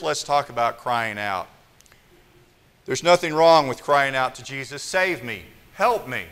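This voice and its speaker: A man preaching a sermon, telling stories in an animated way that swings between loud and hushed. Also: medium pitch, long reverb tail. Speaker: pastor.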